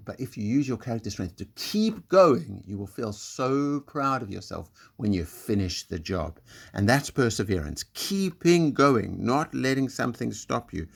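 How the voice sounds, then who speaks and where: A man leading a recorded school assembly, talking gently and encouragingly in simple words to young children. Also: on the low side, big pitch swings, normal speed, creaky, husky.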